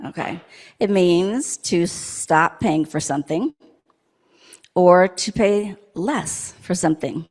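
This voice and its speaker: A woman's voice: fairly low pitch, takes it slowly, darkish tone. A woman in a church service telling a playful story to children, asking them questions as she goes. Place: church sanctuary.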